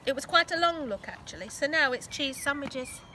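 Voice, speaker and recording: An eager young daughter from a picture book, voiced by a woman reader. She chatters chirpily in a high, bright voice. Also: lively intonation, moderate pace, slight background noise. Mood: chirpy.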